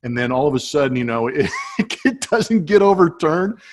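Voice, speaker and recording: A former ball player co-hosting a casual chat show over a webcam call, telling stories in an animated way with frequent laughs. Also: male voice, fairly high pitch, normal speed, a little hiss or hum. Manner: animated storyteller who laughs as he talks. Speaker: podcast co-host, former baseball player. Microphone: webcam setup.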